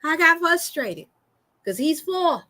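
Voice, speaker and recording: High, bright woman telling a story. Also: takes it slowly. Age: 40s. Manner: animated, folksy, addresses listeners as y'all, laughs often. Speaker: wellness host. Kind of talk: storytelling to a live audience.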